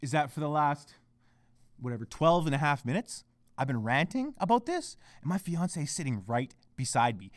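A man's voice: on the high side, very animated, normal speed, no echo, studio quality. Brief young male podcast host, foul-mouthed ranter, voice leaps up and down. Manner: heavy swearing, swings between shouting and hushed muttering. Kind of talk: profane solo podcast rant.

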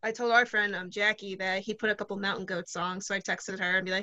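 A woman's voice: medium pitch, little pitch movement, fast, sharp tone, no echo. A woman in her twenties co-hosting a podcast in casual chat, upbeat and enthusiastic, recorded at home. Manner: upbeat, enthusiastic, laughs often. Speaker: podcast co-host.

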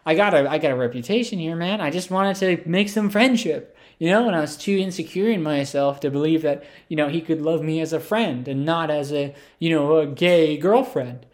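A man's voice: fairly high pitch, normal speed, hardly any pauses. Rambling comic storyteller man. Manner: rambling, filler-heavy, absurd. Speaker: comedian. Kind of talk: comedic storytelling.

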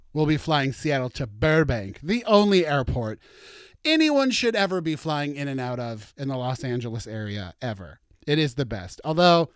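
A man's voice: medium pitch, smooth, dry recording, studio quality. A middle-aged man hosting a casual solo podcast, chatty and campy, with bursts of mock outrage. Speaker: podcast host.

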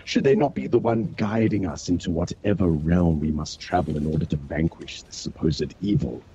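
A man's voice: low voice, normal speed, dark tone. A man playing in a tabletop game, speaking in a sly, playful way. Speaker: player. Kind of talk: role-playing as a character. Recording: dull sound, faint noise.

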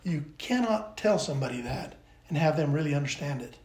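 A man's voice: a little high, lively intonation, fairly quick, a little mellow, reverberant. An older man talking earnestly with restarts as a podcast guest, speaking of faith and family. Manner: earnest, rambling with restarts, turns emotional. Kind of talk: casual interview chat.

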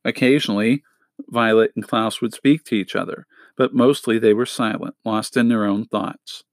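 Low-voiced man reading a story aloud. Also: fairly even intonation, normal speed, dry recording. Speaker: audiobook reader. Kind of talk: reading a children's novel aloud.

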